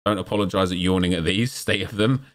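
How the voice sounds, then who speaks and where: Male gaming host, lowish voice, chatty pack-opening commentary with sudden excited yelps. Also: quick pace. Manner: chatty, jumps into excited exclamations at pulls. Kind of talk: casual gameplay commentary.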